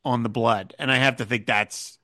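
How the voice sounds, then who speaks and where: A man's voice: medium pitch, moderate pace, no echo, clean studio sound. A man co-hosting a podcast, casually recapping a TV episode and acting out quoted lines as he goes. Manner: animated retelling, quotes scenes in character. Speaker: podcast co-host.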